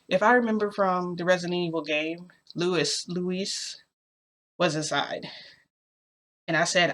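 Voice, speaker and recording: A woman's voice: lowish voice, fairly even intonation, normal speed, a bit bright. A young woman vlogger telling a story casually, rambling with lots of filler words.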